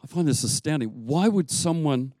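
A man preaching a sermon as pastor. He tells stories in an animated way and laughs now and then. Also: a little high, moderate pace, no echo.

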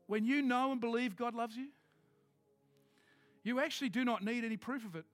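A man preaching a sermon, emphatic, switching between quick asides and slow, loud declarations. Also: extremely high pitch, dry recording, faint music behind.

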